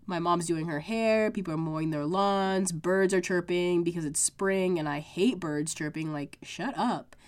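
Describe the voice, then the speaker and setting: A woman's voice: on the low side, fairly even intonation, moderate pace, hardly any pauses. Congested young woman chatting on her podcast. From United States. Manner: chatty, full of "like" fillers. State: congested, sick. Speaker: podcast host. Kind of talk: casual solo podcast chat. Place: home room with makeshift sound panels.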